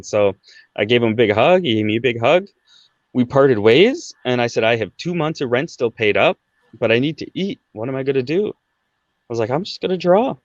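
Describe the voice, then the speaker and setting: A Canadian man in his thirties appears as a podcast guest, telling a personal story conversationally with fillers like "like" and frequent "right?" tags. His voice is medium in pitch, on a dry, lo-fi recording.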